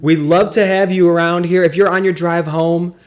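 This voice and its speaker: A man's voice: high-pitched, steady tone, moderate pace. Playful man hosting a comedy podcast. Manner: mock-grand, playful. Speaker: podcast host. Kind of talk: casual comedic podcast banter.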